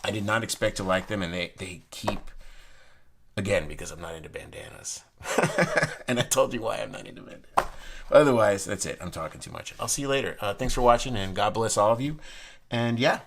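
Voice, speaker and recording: A man's voice: on the low side, fairly quick, background noise. A man casually reviewing a deck of playing cards and explaining a trick, rambling with frequent restarts and bursts of enthusiasm.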